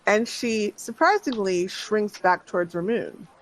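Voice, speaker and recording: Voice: mid-range voice, animated, measured pace, poor audio. A game master casually narrating a tabletop role-play, often hedging with "kind of".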